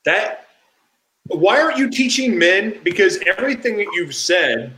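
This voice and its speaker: Man, podcast host, effusive and emphatic, high voice swinging widely. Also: sing-song, unhurried, sharp tone. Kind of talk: conversational interview. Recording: echoey room.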